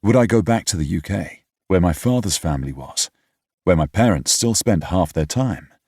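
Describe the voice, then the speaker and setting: Deep husky British male narrator. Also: lively intonation, moderate pace, darkish tone, no room sound, clean studio sound. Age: young adult. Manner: reflective, wry, slightly pompous. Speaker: audiobook narrator. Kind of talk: first-person audiobook narration.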